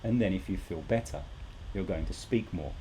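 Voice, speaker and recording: A man's voice: low-pitched, lively intonation, normal speed, dark tone, slight background noise. A man teaching a live English lesson, talking animatedly and repeating rhetorical questions to his students.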